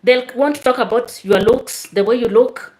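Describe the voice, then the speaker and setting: A woman's voice: on the high side, normal speed, a little mellow. A woman hosts a live stream, reading out viewer comments and chatting straight to her viewers.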